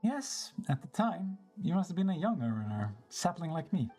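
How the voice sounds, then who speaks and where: An old, wistful little forest spirit speaks in a slow, storybook lilt, voiced by a streamer reading a game aloud. The pitch rises and falls widely from phrase to phrase, and faint game music plays behind. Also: big pitch swings, dark tone.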